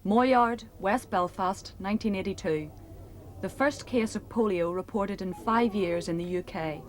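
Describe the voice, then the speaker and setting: A woman narrating a documentary in a measured, grave scripted read. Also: medium pitch. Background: music.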